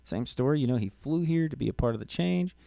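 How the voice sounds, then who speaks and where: A middle-aged man, a podcast host, telling a personal story in a casual, halting way with many restarts and fillers. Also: mid-range voice, expressive, gravelly, mellow, dry recording.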